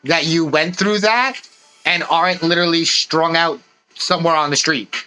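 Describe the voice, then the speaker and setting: A man's voice: on the high side, normal speed, bright, forceful tone, soft background music, low-quality recording. A man co-hosting a podcast, explaining things in an earnest, rambling way and often saying "literally.". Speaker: podcast co-host. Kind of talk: casual podcast chat.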